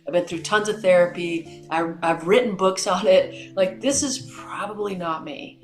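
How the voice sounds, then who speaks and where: A middle-aged woman hosting a podcast, telling stories in an animated way and acting out the dialogue. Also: on the low side, normal speed, roomy sound, faint music behind. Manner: animated storyteller, acts out dialogue. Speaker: podcast host. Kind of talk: conversational interview.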